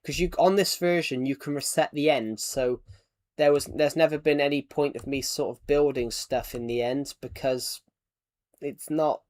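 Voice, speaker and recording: An English man streaming a game and talking to his chat in a loose, rambling way. His voice sits a bit high, and he keeps repeating and restarting phrases as he reacts. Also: fairly even intonation, moderate pace, a little mellow, dry recording. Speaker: gaming live streamer. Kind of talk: casual live-stream chat.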